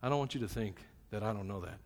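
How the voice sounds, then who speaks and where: A man preaching a sermon at a church service. He speaks in a plain, conversational, joking way, dropping to a hush one moment and shouting the next. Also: lowish voice, quick pace. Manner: self-described plain and a bit crass. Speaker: pastor. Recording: long hall reverb.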